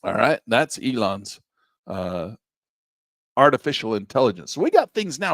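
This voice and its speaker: A middle-aged man teaching a trading class while sharing his screen, often checking in with "all right?", a bit hoarse and clearing his throat. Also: medium pitch, sing-song, normal speed, dry recording, clean studio sound. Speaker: trading instructor. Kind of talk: screen-share class walkthrough.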